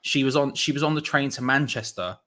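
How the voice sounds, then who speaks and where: A young man hosting a casual sports chat, telling an animated anecdote. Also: medium pitch, a little fast. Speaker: host.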